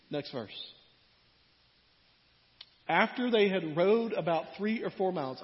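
A man preaching a sermon in a conversational way, his voice swinging between loud and quiet. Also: sits high. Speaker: pastor. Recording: muffled sound in a reverberant hall.

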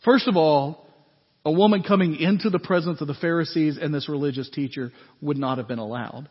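A man preaching a sermon as pastor in a conversational, animated way, with frequent asides to his congregation. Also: a little high, brisk, husky. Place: church sanctuary. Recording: echoey hall, dull lo-fi sound.

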